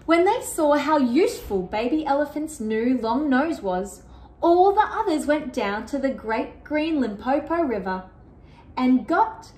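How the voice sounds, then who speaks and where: A woman reading a picture book aloud to children, animated and asking the listener questions. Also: sits high, a little slow, reverberant. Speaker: children's storyteller.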